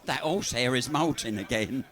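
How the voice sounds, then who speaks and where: A man's voice: mid-range voice, animated, moderate pace, a bit bright. A man telling bawdy stories live to a pub audience, chatty and swearing freely. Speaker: comedian and cabaret entertainer. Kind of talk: live stand-up storytelling.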